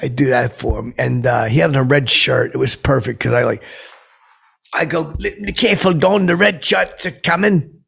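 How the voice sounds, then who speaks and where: A man's voice: mid-range voice, steady tone, normal speed, creaky, fairly bright tone, husky, exaggerated voice. A man playing a clueless, boastful washed-up stand-up comic who rambles and stumbles through his story with many fillers. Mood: rambling. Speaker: character comedian telling a story. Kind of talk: improvised comic monologue.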